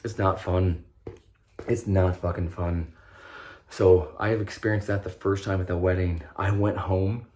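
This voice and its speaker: A man's voice: deep voice, little pitch movement, normal speed, few pauses, darkish tone. A young man from Nebraska telling his own story in a rambling, profane, stop-start way, full of restarts. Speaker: vlogger sharing recovery story. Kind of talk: unscripted personal monologue.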